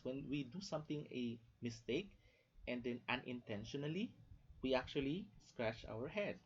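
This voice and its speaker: A man's voice: medium pitch, slightly rough. A man from the Philippines with a Filipino English accent, giving a classroom lecture, repeating key phrases and checking in with "okay?". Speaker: teacher. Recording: dull lo-fi recording.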